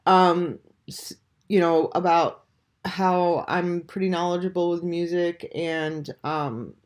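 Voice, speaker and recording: A vlogger in their forties, stuffed up and under the weather, talking softly to camera at home at dawn with many ums and restarts. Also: mid-range voice, fairly even intonation, slow pace. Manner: hesitant, full of ums and restarts. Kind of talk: casual talk to camera.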